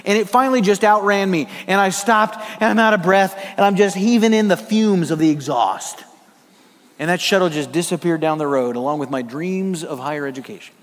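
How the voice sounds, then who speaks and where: A preacher from South Dakota telling a personal story in a sermon, animated and humorous. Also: male voice, high-pitched, a little fast. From South Dakota, USA. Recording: long reverb of a large hall.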